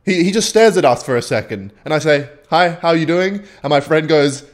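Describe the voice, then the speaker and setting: A man's voice: fairly high pitch, expressive, moderate pace. A young man telling a rambling, self-mocking anecdote while commenting on his own gameplay, with frequent swearing. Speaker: gaming channel host. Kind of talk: storytelling over gameplay commentary.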